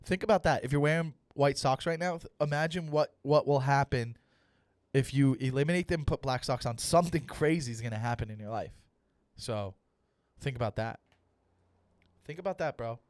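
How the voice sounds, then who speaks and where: A young man, a comedian hosting his own podcast, ranting loudly in a mock-serious way and swearing for emphasis. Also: medium pitch, brisk, no room sound, clean studio sound. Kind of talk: solo comedic rant.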